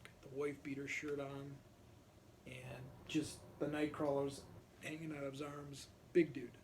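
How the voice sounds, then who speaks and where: A man casually telling a rambling neighborhood story, often clearing his throat as he talks. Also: mid-range voice, flat delivery, unhurried, a little mellow, a little hiss or hum.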